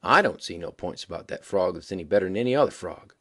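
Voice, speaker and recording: A man reading the part of a sly stranger in a mining camp, speaking slowly and deliberately, with a dry manner and a husky voice. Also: deep voice, animated, fairly bright tone, pitched below the performer's own voice, full character voice.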